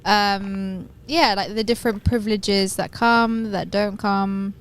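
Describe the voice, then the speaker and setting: A woman's voice: mid-range voice, steady tone, takes it slowly, clean tone. A woman co-hosting a casual podcast, talking with lots of hesitant fillers. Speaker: podcast co-host. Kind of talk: casual chat.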